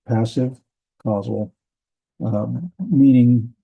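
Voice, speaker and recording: A man teaching a casual Bible language class, reading verses word by word with many halting fillers and restarts. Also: fairly low pitch, fairly even intonation, creaky, husky. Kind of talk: casual Hebrew grammar lesson. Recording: dull lo-fi recording.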